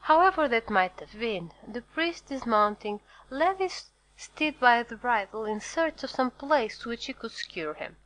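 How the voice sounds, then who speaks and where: A woman narrating a classic novel as an audiobook in a steady, measured storytelling voice. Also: on the high side, low-quality recording. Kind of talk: scripted narration.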